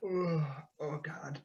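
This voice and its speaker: A man playing a character in a tabletop game, talking in a gushing, excitable way. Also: on the high side, slightly rough, muffled recording. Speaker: player.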